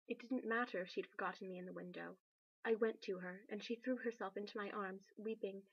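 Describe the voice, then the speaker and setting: A woman reading a novel aloud in a steady, measured narration. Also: mid-range voice, husky, dry recording, muffled recording. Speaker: reader.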